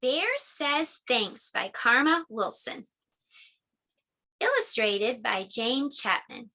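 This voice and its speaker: A woman's voice: on the high side, very animated, slow pace, sharp tone. A middle-aged woman teacher leading children's circle time with sing-song rhymes and a storybook read-aloud.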